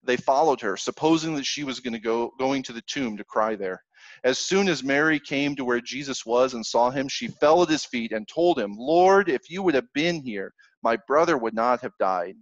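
A man's voice: medium pitch, animated, normal speed, no room sound, highs cut off. A man preaching a sermon, reading scripture aloud and explaining it in an earnest, conversational way. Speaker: pastor.

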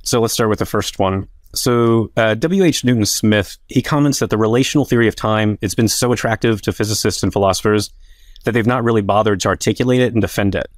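A man with a low, dry-sounding voice lays out an academic argument in a debate. He talks casually, leaning on frequent fillers as he goes. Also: quick pace, dry recording. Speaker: philosopher in a debate.

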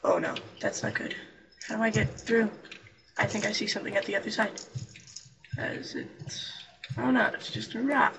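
A man's voice: sits high, steady tone, moderate pace, long pauses, fairly bright tone, distant mic, a little hiss or hum, rough recording. A young man giving casual, rambling game commentary, joking and talking to the characters on screen. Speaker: let's play gamer.

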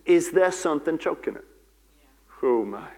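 A man's voice: on the high side, animated, normal speed, darkish tone. A man preaching a church sermon as pastor, repeating key phrases and breaking into fervent prayer and declarations. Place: church service.

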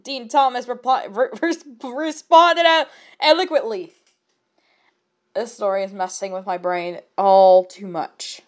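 A woman's voice: a little high, steady tone, unhurried. A woman reading fan fiction aloud with comic commentary; she laughs often and stumbles over words.

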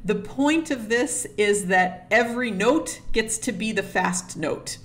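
Woman string teacher, methodical and steady, mid-pitched voice, laying out practice steps one by one. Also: slow. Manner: sings rhythms on nonsense syllables to illustrate. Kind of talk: instructional explanation to camera.

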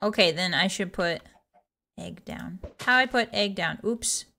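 A woman's voice: medium pitch, a little slow, gravelly, bright, forceful tone. A woman streamer chatting casually while learning a game, playful and goofy, joking in mock broken English. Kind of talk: casual gameplay chat.

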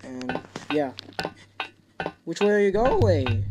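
A woman commentating on her own gameplay, often shouting in frustration at the enemies chasing her. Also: sits low, animated, moderate pace, pauses often. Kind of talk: let's play commentary. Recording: loud game music behind. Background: loud game music.

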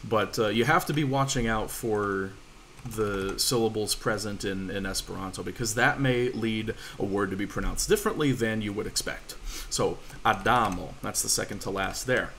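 A man's voice: on the low side, moderate pace, a bit bright, a little hiss or hum. A man teaching a language class over a voice call, in a casual, reassuring way. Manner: casual, reassuring, fillers and restarts. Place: home room, online voice call.

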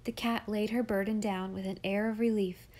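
A woman narrating a classic children's novel aloud in a measured, expressive reading. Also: mid-range voice. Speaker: audiobook reader. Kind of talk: scripted storybook narration.

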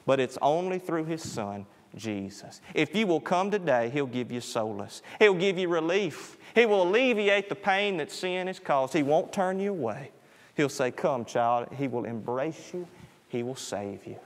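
A man preaching a sermon, rising on his appeals and dropping low and soft at the ends of phrases. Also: very animated, normal speed, long reverb tail. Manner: swells in pitch and loudness on appeals, drops low and soft on closing words. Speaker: pastor.

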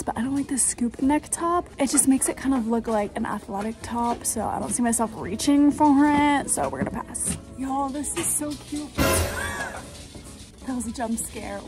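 Bubbly young woman vlogger, high voice. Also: moderate pace. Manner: bubbly and chatty, trendy slang, squeals and laughs often. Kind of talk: day-in-my-life vlog narration. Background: music.

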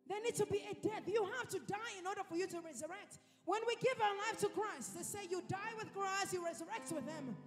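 High-voiced woman preaching in a hall. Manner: emphatic, repeats phrases for effect. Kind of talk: sermon. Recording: reverberant hall with faint music.

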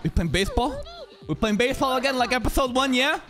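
Excitable, swearing anime reactor. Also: high voice, quick pace, background noise. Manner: excitable, swears often, laughs a lot. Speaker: anime reaction channel host. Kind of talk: casual anime reaction commentary.

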